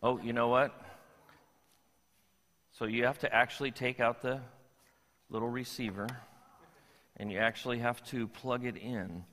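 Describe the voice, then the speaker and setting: Joking older pastor, bright voice. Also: male voice, mid-range voice, fairly even intonation, a little slow, pauses often. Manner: playful, joking with the congregation. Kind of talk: sermon. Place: church sanctuary. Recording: long reverb of a church hall.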